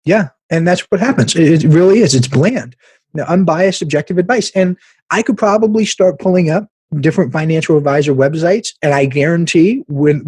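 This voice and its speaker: A man hosting a podcast, giving blunt, animated business advice in a casual way and laughing at himself now and then. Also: fairly high pitch, breathy edge, no room sound. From American Midwest. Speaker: podcast host, business coach.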